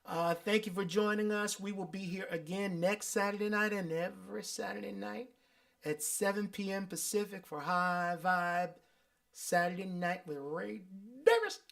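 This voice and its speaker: A man's voice: sits high, fairly even intonation, moderate pace, creaky, fairly bright tone. A man hosting his weekly livestream, affirming viewers and reading their comments aloud. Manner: sings and hums playfully. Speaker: host and musician. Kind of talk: livestream sign-off chat.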